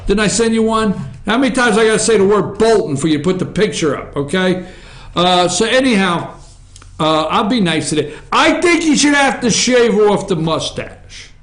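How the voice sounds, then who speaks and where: Animated, high-voiced man riffing on the news. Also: normal speed. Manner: rambling, sarcastic, chatty asides to crew. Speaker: talk show host. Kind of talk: opinionated news commentary. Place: office. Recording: echoey room.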